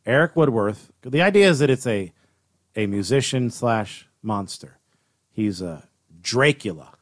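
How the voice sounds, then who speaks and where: A man's voice: fairly low pitch, animated, unhurried, no echo, clean studio sound. A man co-hosting a podcast, talking emphatically, repeating himself and trailing off. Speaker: podcast co-host. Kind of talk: casual podcast banter.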